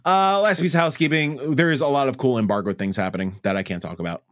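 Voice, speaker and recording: A man's voice: mid-range voice, quick pace. A man hosting a podcast, reading the intro in a casual way with frequent laughs and stumbles. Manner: animated, laughs often, stumbles over reads. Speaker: podcast host.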